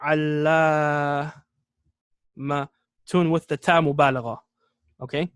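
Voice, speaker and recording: Teaching Arabic words to a class, a man with a rather high voice proceeds methodically, repeating key terms slowly and regularly asking "okay?" to confirm his students are keeping up. The recording is dry and close-miked, without room echo.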